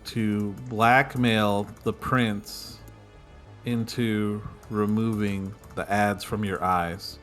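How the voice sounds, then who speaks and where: Deadpan man in mid pitch. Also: very slow, soft background music. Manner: dry, deadpan jokes and narration. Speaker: podcast co-host and story narrator. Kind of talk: casual improvised storytelling chat.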